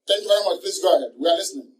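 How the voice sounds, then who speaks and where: A man's voice: sits high, racing, a little mellow, poor audio. A man from Nigeria hosting a live radio call-in, courteous, repeating his phrases and urging callers to go ahead. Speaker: leader answering callers on air.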